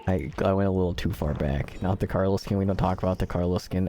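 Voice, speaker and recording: Slightly hoarse man joking through gameplay. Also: deep voice, steady tone, fast, mellow, slight background noise. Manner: joking, self-mocking chatter to viewers. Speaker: streamer. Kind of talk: casual gameplay commentary.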